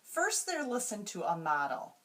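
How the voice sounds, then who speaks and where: Slow, careful woman teacher trainer. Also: mid-range voice, wildly swooping pitch, a bit bright, slight background noise. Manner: slow, careful, modeling sounds aloud. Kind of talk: instructional explanation of classroom routines.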